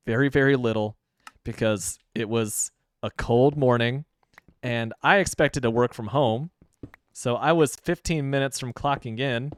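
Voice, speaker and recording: A man's voice: mid-range voice, clean tone, no room sound. A man from the Midwest chats over his gameplay into a streaming mic, amused by his own jokes. His voice sits in an ordinary middle register, recorded close and dry with no room sound around it. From Midwestern United States. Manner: chatty and self-amused, joking to himself. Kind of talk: casual gameplay commentary. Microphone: streaming microphone.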